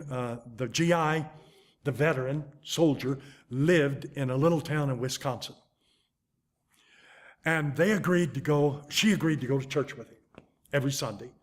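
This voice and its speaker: An older man preaching a sermon, telling a story with animated, dramatic swings in loudness and pace. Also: on the high side.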